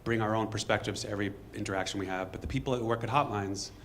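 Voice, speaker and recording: A man telling a true story on stage to a live audience in a fast, conversational way, acting out bits of dialogue. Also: on the low side, fairly even intonation, fairly bright tone, a little hiss or hum.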